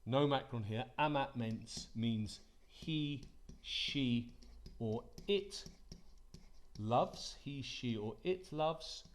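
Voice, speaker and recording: A man's voice: medium pitch, extremely slow, slight background noise. A man teaching a Latin lesson, patient and repetitive, inviting listeners to say the forms aloud with him. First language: English. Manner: patient, repeats phrases for pupils to say aloud. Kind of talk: classroom-style lesson.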